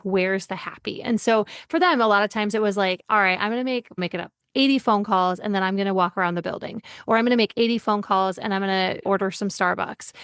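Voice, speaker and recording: A woman leadership coach, a guest on an interview podcast, telling workplace anecdotes and acting out the dialogue. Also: mid-range voice. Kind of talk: conversational interview.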